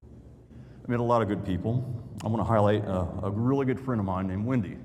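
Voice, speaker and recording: A man's voice: on the low side, fairly quick, darkish tone. A man, a YouTuber giving a folksy storytelling talk to an audience. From Indiana, USA. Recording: long hall reverb, faint noise.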